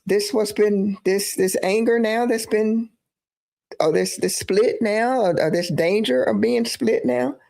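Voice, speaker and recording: A woman's voice: fairly high pitch, gravelly, warm tone. A woman giving emphatic live-stream political commentary, repeating phrases for emphasis.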